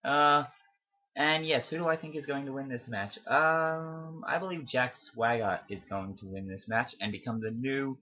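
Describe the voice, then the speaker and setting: A chatty young man with a bright, forceful voice talks through his predictions with plenty of ums and little asides that amuse him. The sound is dull and lo-fi, like a home recording. He is not from America. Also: mid-range voice, normal speed. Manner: chatty, rambling with fillers and self-amused asides. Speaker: wrestling fan vlogger. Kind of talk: casual predictions vlog.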